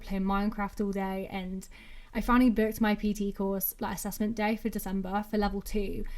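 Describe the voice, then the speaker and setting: This podcast host, a woman in her twenties from England, speaks with a mix of Brummie and Mancunian accents. Her voice is mid-range and darkish in tone, and she rambles chattily through a casual solo episode with constant "like" fillers.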